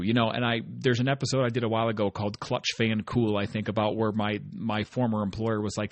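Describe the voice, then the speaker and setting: A lowish, fairly flat male voice moves briskly with few pauses, recorded without echo. He's the host of a motivational solo podcast, conversational and encouraging, regularly tagging lines with "right?"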